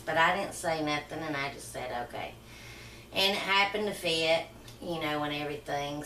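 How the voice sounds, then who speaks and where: Middle-aged woman, low voice, soft rambling storyteller, recorded roomy and off-mic with faint room noise. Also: far from the mic. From Southern United States. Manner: rambling, soft-spoken, emotional reminiscing. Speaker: vlogger. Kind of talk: personal storytelling.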